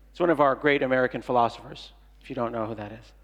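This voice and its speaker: A middle-aged man giving a comedic keynote talk at a conference, playful and jokey, acting out little dialogues. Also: mid-range voice. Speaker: conference speaker. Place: large conference hall. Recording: long hall reverb.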